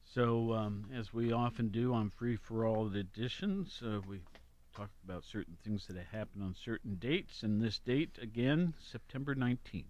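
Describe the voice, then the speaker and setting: A man's voice: lowish voice, normal speed, darkish tone, dry recording. A man hosting a casual radio show, reading weather and history notes with chatty asides. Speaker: radio host.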